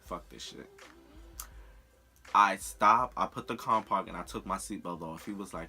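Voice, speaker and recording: A young man telling a personal story in a candid, profane, animated way on a storytime vlog. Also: low-pitched, moderate pace. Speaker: vlogger.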